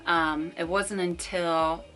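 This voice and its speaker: A woman's voice: fairly low pitch, steady tone, slow, bright, forceful tone. A woman in her twenties talking casually to camera as a vlogger, chatty and full of fillers and asides.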